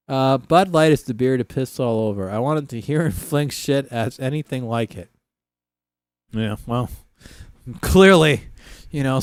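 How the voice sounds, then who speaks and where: Lively, profane Canadian man streaming. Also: medium pitch, clear, resonant tone, no room sound, studio quality. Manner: profane, rambling, laughs often. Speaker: livestream host. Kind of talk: casual livestream chat.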